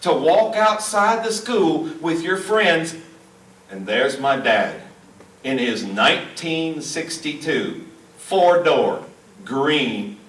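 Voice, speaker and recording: A man's voice: a little high, very animated, takes it slowly, a bit bright. A middle-aged man from Arkansas performing a folksy, self-deprecating stand-up comedy set, teasing the crowd at a senior community show. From Hot Springs, Arkansas. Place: small auditorium at a senior living community. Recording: echoey room, mic heard from a distance.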